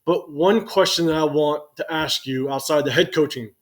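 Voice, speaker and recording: A man's voice: fairly high pitch, moderate pace. A man in his forties giving casual, conversational sports commentary to his channel's viewers, thinking aloud as he goes. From United States.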